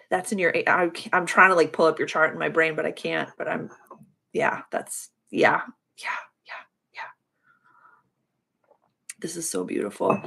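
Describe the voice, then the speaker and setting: A woman's voice: gravelly, breathy edge. A young woman hosting a casual astrology chat, effusive and gushing as she reads viewers' charts. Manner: effusive, gushing with frequent high excited exclamations. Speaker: astrology livestream host.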